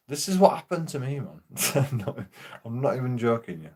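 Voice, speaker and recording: A man's voice: mid-range voice, animated, normal speed, darkish tone. Profane rambling man. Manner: rambling, profane, laughs often. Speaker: streamer. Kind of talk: casual storytelling while gaming.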